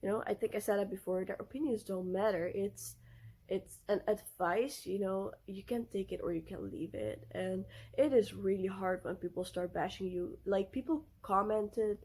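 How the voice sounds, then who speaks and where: A woman's voice: mid-range voice, fairly even intonation, moderate pace, a little mellow, breathy edge. A young woman vlogging about parenting, telling stories in a casual chatty way with lots of fillers and restarts. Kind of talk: casual storytelling to camera.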